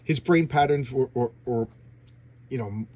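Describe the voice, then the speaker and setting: Male host, casual review vlog; husky, eager, tumbling and repetitive delivery. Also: medium pitch, unhurried. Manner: excitable, gushing, repeats words. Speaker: comic book channel host. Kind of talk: casual comic book review.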